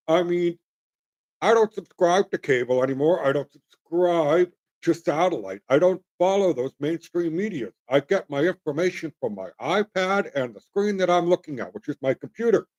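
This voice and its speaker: A man's voice: on the high side, a little mellow, highs cut off. A middle-aged man hosting a livestream, talking in a rambling, opinionated way and calling his listeners folks. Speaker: livestream host. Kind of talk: casual livestream monologue.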